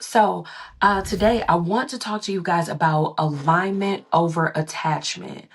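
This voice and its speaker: A woman's voice: lowish voice, measured pace, husky. A woman hosting a solo motivational podcast, talking in a playful, sing-songy way. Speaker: podcast host.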